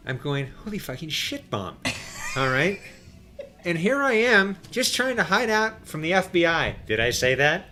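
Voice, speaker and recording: A middle-aged man, a podcast guest, telling an animated, profane story. He acts out every quote and swings from hushed to loud. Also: fairly high pitch. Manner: profane, excitable.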